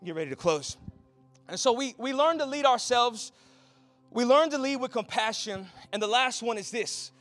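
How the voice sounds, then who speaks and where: High-voiced preaching man, soft music behind. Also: lively intonation, moderate pace, dry recording. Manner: builds from quiet storytelling to loud preaching. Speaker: pastor. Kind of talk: sermon.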